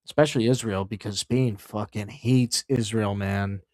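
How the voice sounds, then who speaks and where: A man's voice: fairly low pitch, fairly even intonation, normal speed, a little mellow, no room sound. Profane rambling man, dry sound. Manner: reads headlines aloud then riffs. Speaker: streamer host. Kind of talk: casual livestream commentary.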